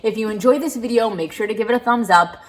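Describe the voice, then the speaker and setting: A woman's voice: on the high side, fast talker, noisy background. A woman book vlogger talking casually about a book, ranting with frustration, swearing freely and filling her speech with "like". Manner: frustrated, animated ranting with frequent "like". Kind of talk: casual reading vlog.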